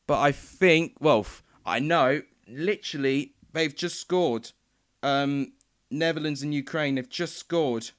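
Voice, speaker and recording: A young man giving excitable, rambling commentary as he live-streams a football match from home. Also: mid-range voice, measured pace. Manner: excitable, rambling, many fillers. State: out of breath. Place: home room.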